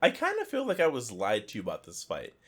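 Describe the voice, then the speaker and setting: A man co-hosting a casual gaming podcast, talking excitedly and laughing often, on a headset mic. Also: mid-range voice, brisk, husky. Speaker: podcast co-host.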